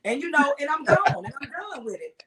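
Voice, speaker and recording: A middle-aged woman, a singer as a guest, telling stories with lively acted-out quotes in a relaxed chat. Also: high-pitched, a little fast, over a noisy crowd. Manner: animated storyteller acting out voices. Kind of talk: casual interview storytelling.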